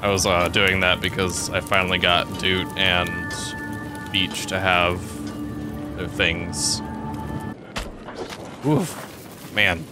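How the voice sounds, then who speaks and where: Low-voiced man reacting loudly to a game. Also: slow pace, long pauses, over music. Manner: swears often, excitable reactive outbursts. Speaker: let's play host. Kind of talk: gameplay commentary.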